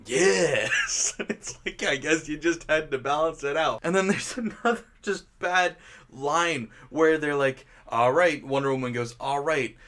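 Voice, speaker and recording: A man's voice: a little high, moderate pace, a bit bright. A man hosting his own channel, giving a casual, sarcastic film review rant and chuckling often as he mocks scenes.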